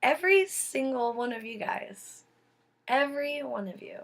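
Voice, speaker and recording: A woman telling her own life story in a casual, dramatic way, slow and deliberate, dropping to a hush at tense moments. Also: high voice, lively intonation.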